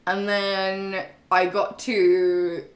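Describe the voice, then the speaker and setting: Her words come out drawn-out and flat, at a medium pitch. A woman streamer casually rambles through a game recap to her live chat, swearing freely, laughing and um-ing throughout, and the audio carries a roomy echo.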